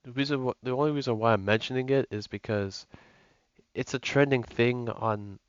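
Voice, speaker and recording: A man's voice: mid-range voice, moderate pace, clear, resonant tone, no room sound. A young man giving casual gameplay commentary as a gaming YouTuber, rambling with lots of fillers and restarts. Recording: lo-fi with music and mains hum.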